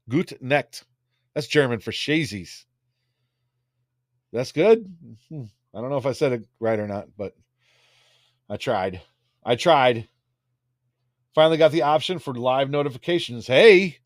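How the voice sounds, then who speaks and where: A man's voice: mid-range voice, dry recording, studio quality. A man hosting a casual livestream, rambling crudely and reading out viewer comments. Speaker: livestream host.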